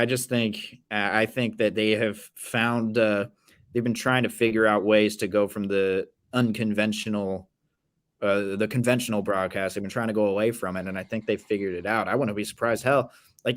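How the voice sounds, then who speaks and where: A man's voice: fairly low pitch, no room sound, studio quality. A man co-hosting a casual sports talk show, often restarting his phrases and laughing easily. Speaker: podcast co-host.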